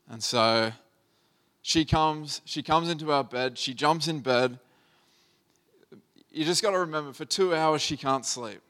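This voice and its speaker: A man in his thirties, a pastor, preaches a sermon by sharing a personal family story in an earnest, conversational way. His voice sits at medium pitch, a bit bright, and he takes his time.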